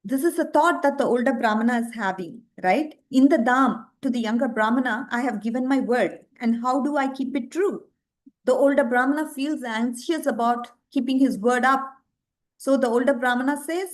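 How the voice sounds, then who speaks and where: Brief: woman storyteller, high-pitched, expressive devotional lecture style with rhetorical questions. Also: moderate pace.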